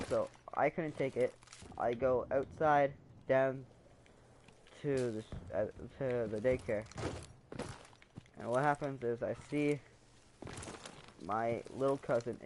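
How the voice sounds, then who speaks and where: Over some background noise, a man with a medium-pitched voice vlogs a casual storytime about his family. He rambles emotionally, uses fillers, and acts out the voices of the people he quotes.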